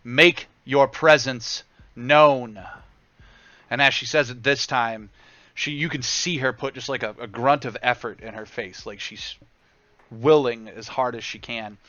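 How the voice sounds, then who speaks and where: A man runs a tabletop game and narrates in a loose, casual way full of small asides. His voice is bright and dry, and it is recorded on a dull, lo-fi mic. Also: medium pitch, moderate pace, no echo. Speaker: game master.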